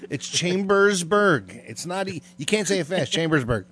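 A man's voice: a little high, animated, a bit bright, slightly rough. Rambling man hosting a podcast. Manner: rambling, filler-heavy, drawn-out. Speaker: podcast co-host. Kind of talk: casual podcast banter.

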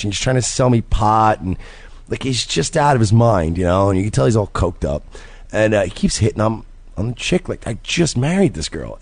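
A man's voice: medium pitch, no echo. A young man, a comedian, telling a profane story in casual chat and acting out voices. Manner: profane, animated, acts out voices.

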